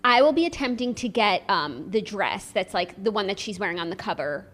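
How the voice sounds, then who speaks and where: A young woman co-hosting a podcast, chiming in with quick witty quips in casual chat. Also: medium pitch, lively intonation, fairly bright tone. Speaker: podcast co-host.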